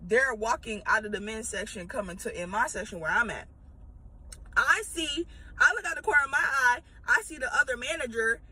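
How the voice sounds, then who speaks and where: A woman's voice: a little high, a little fast, sharp tone, breathy edge, low-quality recording. A woman, a former retail manager, telling a casual storytime with profanity and rambling asides.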